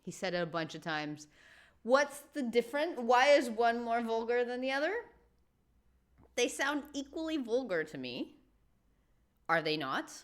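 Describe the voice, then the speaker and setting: A woman's voice: on the high side, very animated, a little slow, long pauses. A woman hosting a reaction video, chatting casually and animatedly with laughing asides.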